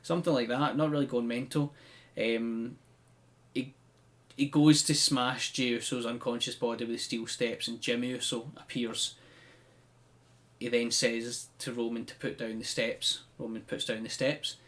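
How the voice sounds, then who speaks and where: A man's voice: medium pitch, fairly even intonation, normal speed, a bit bright. Chatty man recapping a show. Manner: chatty storyteller with frequent "um" and "like". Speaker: podcast co-host. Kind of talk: casual chat, recapping a wrestling show.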